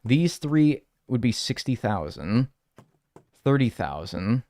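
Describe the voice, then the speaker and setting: Lively, joking young male streamer. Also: medium pitch, slow pace, no echo. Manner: rambling, joking, crude. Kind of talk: casual gaming stream chat.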